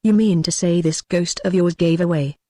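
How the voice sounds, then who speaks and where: A reader voicing a curious Edwardian clubman who asks slow, deliberate questions. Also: mid-range voice, fairly even intonation, mellow, no room sound, studio quality, natural voice. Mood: probing.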